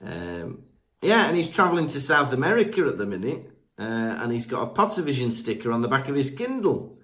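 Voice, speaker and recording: With a crowd audible behind him, a podcast co-host reads listener reviews in a brisk, sing-song, medium-pitched voice. He's chatty, leans on fillers, stumbles over names, and is recorded on a remote podcast mic.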